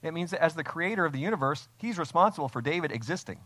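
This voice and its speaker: A man's voice: on the high side, lively intonation, very fast, sharp tone, no room sound. A man preaching an expository sermon as a pastor, speaking with emphasis and asking his congregation rhetorical questions. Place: church, streamed online.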